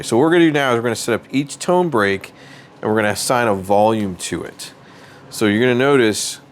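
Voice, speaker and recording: A man's voice: fairly low pitch, slight background noise. A man hosting a hobby channel, walking through device settings step by step in a casual, rambling way and correcting himself as he goes. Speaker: metal detecting channel host. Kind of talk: casual how-to walkthrough.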